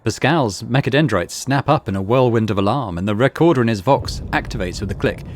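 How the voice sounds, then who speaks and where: A man's voice: mid-range voice, brisk. Man reading game text aloud. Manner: plain reading broken by casual asides. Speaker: gaming YouTuber.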